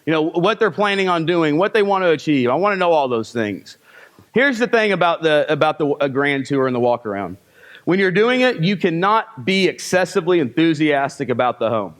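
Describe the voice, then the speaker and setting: A male sales trainer working a live seminar crowd. He keeps firing rhetorical questions and then answers them with short, punchy commands. His voice sits a little high for a man. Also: very animated, fairly quick, fairly bright tone.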